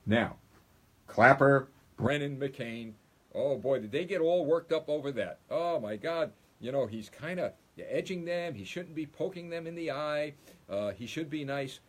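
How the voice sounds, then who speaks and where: A man's voice: a little high, lively intonation, unhurried. A middle-aged man hosting a political live stream, talking emphatically and repeating points to his listeners. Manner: emphatic, repetitive, addresses listeners as folks. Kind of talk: political commentary monologue.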